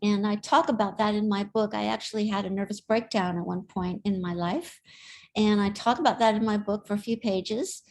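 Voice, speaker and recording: A woman's voice: mid-range voice, steady tone, moderate pace, darkish tone. A middle-aged woman speaking as an interview guest, chatty and telling stories with frequent laughs. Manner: chatty, storytelling, laughs often. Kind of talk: casual interview talk.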